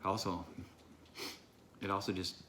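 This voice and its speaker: A man vlogging a hot sauce challenge, his voice strained and breathy, gasping and pausing as he recovers. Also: deep voice, flat delivery, a bit bright, slight background noise. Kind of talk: casual vlog talk to camera.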